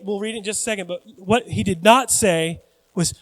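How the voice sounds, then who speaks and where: A pastor in his forties preaching a sermon in a joking, conversational, animated way. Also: high voice, fairly quick. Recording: long church hall reverb.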